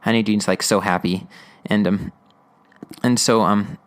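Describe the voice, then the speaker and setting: A man's voice: fairly low pitch, steady tone, measured pace. Male podcast host, loose rambling recap, frequent um and like. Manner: rambling, laughing, many fillers. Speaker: podcast host reviewing episodes. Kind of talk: casual episode discussion.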